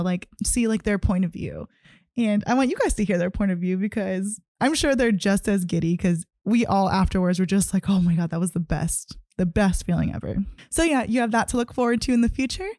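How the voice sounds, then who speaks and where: Giddy young woman, mellow dry voice. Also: medium pitch, no room sound. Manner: giddy, gushing, heavy use of "like". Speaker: podcast host. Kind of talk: casual solo podcast chat.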